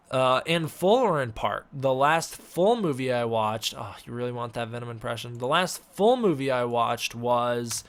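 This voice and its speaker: A man hosting a casual live-stream Q&A, giving offhand, halting answers to chat questions. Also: medium pitch. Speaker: host.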